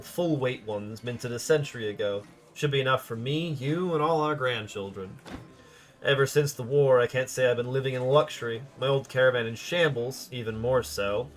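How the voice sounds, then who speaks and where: A man's voice: medium pitch, close to an everyday voice. A man voicing a wounded, money-minded adventurer who hires help for a contract, reading game dialogue aloud. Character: scheming old adventurer, injured, money-minded.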